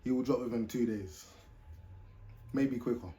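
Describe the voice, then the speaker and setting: A British man talks loosely through a reaction video at a middling pitch. He pauses the track often to comment in an easygoing, conversational way. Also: dark tone.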